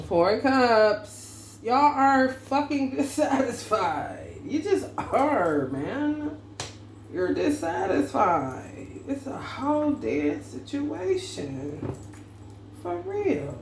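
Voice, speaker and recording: This adult mother reads tarot in a casual monologue, slow, slangy, laughing, loose, and profane. Her voice is fairly high with wildly swooping pitch, gravelly and somewhat dark in tone. An echoey room carries faint background noise.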